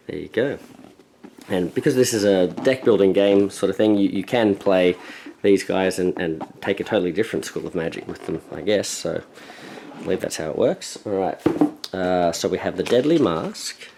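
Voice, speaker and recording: Low-voiced man chatting through an unboxing. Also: moderate pace, vocal fry, a little hiss or hum, rough recording. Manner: relaxed, thinks aloud with hesitant fillers. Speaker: board game channel host. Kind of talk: casual unboxing walkthrough. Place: at a table, handling game pieces.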